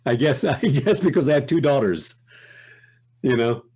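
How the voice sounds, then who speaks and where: An older man, a voice actor, chatting as an interview guest in a reflective, unhurried way that often breaks off and restarts. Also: mid-range voice, animated, a little mellow, slightly rough. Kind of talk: casual interview chat.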